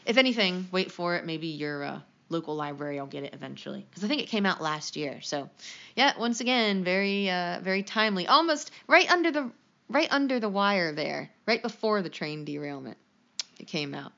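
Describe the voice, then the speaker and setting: A woman co-hosting a podcast, speaking in a somewhat low voice with relaxed, halting casual chat. The recording is muffled and lo-fi. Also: vocal fry. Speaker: podcast co-host. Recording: dull lo-fi recording.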